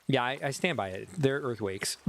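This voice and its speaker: A man with a Chicago accent, tipsy and loose, chatting away to his stream viewers. He talks fast and rambles, poking fun at himself between thoughts. A faint hum sits under the voice. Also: mid-range voice. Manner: rambling, self-mocking, talks to chat. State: tipsy from whiskey. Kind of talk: casual game livestream chat.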